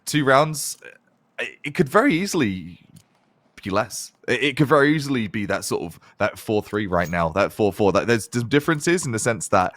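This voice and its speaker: Lively male esports play-by-play caster. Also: medium pitch, normal speed, dry recording. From Canada. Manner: lively, punchy calls with slang.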